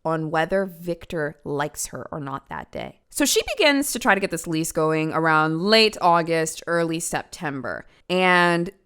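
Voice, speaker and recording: A woman's voice: deep voice, lively intonation, a little slow, hardly any pauses, fairly bright tone, clear, resonant tone. A woman hosting a true crime podcast, telling the case in a casual, chatty way with asides to the listener.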